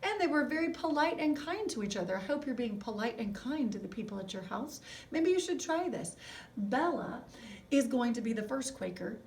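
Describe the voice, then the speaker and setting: In a slightly high, very animated, somewhat mellow voice, a woman teaches music to young children in a recorded video lesson. She goes slowly, encourages them, and keeps asking questions. She's far from the mic, and there's a bit of hiss or hum.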